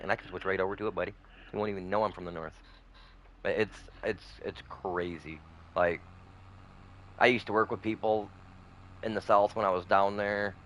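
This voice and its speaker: A man chats away while streaming a farming game. He rambles loosely from one story to the next. His talk is full of folksy slang and friendly asides to his viewers. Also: fairly low pitch. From northern Michigan, USA. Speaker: gaming streamer. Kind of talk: casual chat while gaming.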